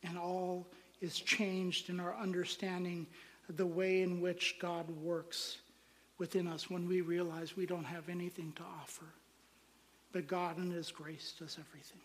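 A man with a high voice preaches slowly and deliberately. His lines fall away into near-whispers, and each word rings on in the long reverb of a church hall. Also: little pitch movement. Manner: emphatic preaching, phrases trailing off to near-whispers. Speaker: pastor. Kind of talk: sermon.

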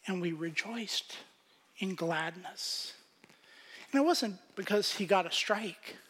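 A man preaching a sermon as pastor, swinging from loud emphasis to hushed whispers. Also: high voice, takes it slowly, big-room sound.

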